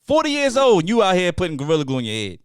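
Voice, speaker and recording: A man's voice: sits high, rapid-fire, clear, resonant tone, no echo. Guy hosting a podcast, ranting hard and repeating himself, dry close mic. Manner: animated, emphatic ranting with repeated phrases. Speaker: podcast host. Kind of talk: casual podcast chat. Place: studio table with co-hosts.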